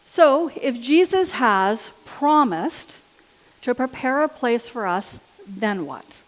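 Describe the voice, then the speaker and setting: A woman's voice: fairly high pitch, lively intonation, takes it slowly. Woman preaching in a reverberant church. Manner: earnest, personal storytelling. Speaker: lay preacher. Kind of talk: sermon. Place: church hall. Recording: church hall with long reverb.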